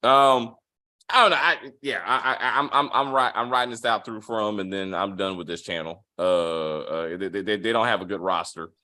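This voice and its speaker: A man's voice: lowish voice, normal speed, bright, forceful tone. A man hosting a casual chat review, hesitant and blunt in his opinions. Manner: hesitant, many fillers and restarts, blunt. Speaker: host.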